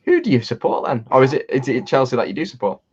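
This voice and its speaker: A man's voice: medium pitch, very animated, fast, a little mellow, slightly rough. A man co-hosting a casual livestream while watching football, chatty and laughing often, with rambling restarts. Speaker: livestream co-host. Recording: dull lo-fi stream audio.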